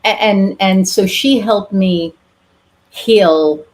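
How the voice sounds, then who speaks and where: A woman's voice: mid-range voice, slow, a little mellow. A woman podcast host chatting candidly, telling a personal story with casual swearing and lots of fillers. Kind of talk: casual interview chat.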